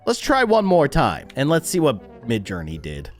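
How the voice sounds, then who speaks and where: Animated man with a lively voice. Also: mid-range voice, normal speed, soft background music. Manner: animated, laughing, easily shocked. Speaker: YouTuber reacting to AI images. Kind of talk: casual reaction commentary.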